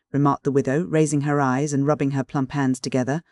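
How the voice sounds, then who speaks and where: A measured audiobook narrator reading a classic mystery novel. The voice sits at a middle pitch and is recorded close and dry, with no room sound. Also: flat delivery, darkish tone, dry recording. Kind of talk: scripted narration.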